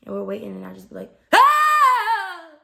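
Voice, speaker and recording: A young American woman, a fifth grade teacher, giving casual animated advice on her podcast with frequent "okay?" check-ins. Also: mid-range voice, very fast, vocal fry, raised voice. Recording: echoey room.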